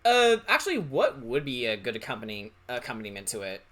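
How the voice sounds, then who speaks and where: A bright, tense-edged voice with pitch that leaps around in lively fashion. This streamer chats casually while drawing, rambling and hesitating with plenty of fillers. The talk is loose and unscripted, as on a relaxed livestream. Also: fast talker. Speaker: streamer and artist.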